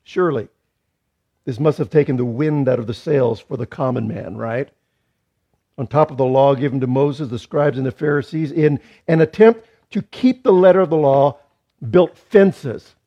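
A man's voice: medium pitch, normal speed. A man preaching a sermon in a conversational way, with joking asides and frequent restarts. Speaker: pastor. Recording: dull lo-fi recording.

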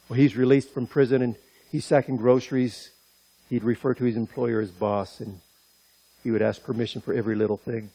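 Male preacher, sermon, impassioned, mellow warm tone, slightly husky. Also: fairly even intonation, fairly quick, no echo, rough recording. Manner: impassioned, rising in pitch and loudness on key points; direct address to listeners.

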